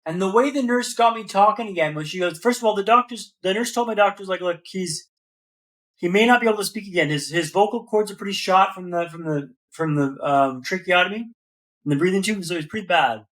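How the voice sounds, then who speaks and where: High-voiced man telling lively stories. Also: a little fast. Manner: animated, slangy, calls listener man and brother. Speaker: podcast guest. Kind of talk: casual storytelling.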